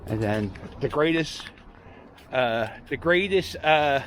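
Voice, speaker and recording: A man's voice: medium pitch, lively intonation, slow, a bit bright, a little hiss or hum. A man walking outdoors on a city street, chatting casually and rambling as he hosts a walking vlog. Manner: chatty, rambling, self-deprecating. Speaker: vlogger walking tour host.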